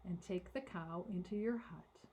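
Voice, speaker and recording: A woman voicing a calm, commanding old male rabbi, speaking in a measured, firm and unhurried way. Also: medium pitch, slightly rough.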